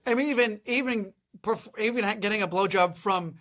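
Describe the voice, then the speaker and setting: High-voiced male host with joking banter. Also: fairly bright tone. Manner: quick joking interjections, trails off mid-thought. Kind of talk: casual interview banter.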